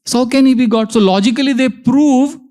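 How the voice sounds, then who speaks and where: A man giving a devotional lecture, telling stories and acting out quoted dialogue, slowing down to stress key points. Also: very high-pitched, mellow. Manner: storytelling, acts out quoted dialogue, slows for emphasis. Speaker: spiritual teacher. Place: lecture hall before a live audience.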